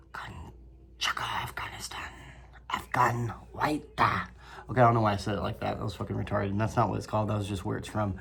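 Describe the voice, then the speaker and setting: A man's voice: fairly low pitch, vocal fry, fairly bright tone, slight background noise. A man hosting his own review vlog, talking loosely to the camera, swearing freely, rambling and laughing often. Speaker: snuff reviewer, channel host.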